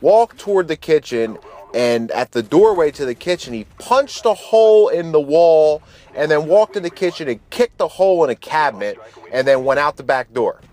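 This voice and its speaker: A man in his thirties telling a casual story over gameplay as host of his channel, in a relaxed, slangy and profane way with frequent restarts. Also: on the high side, moderate pace.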